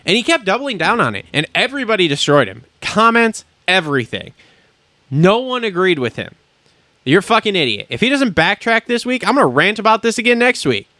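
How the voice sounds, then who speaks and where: Forceful, foul-mouthed ranting podcast host. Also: male voice, high-pitched, very animated, brisk, no echo. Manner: profane, blunt and indignant. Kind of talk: heated podcast rant. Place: studio.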